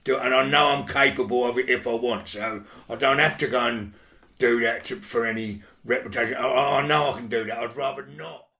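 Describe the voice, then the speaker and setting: This guest storyteller speaks at a medium pitch and a fairly quick pace in a roomy-sounding space. Chatting casually, he curses a lot and plays out people's lines with plenty of animation.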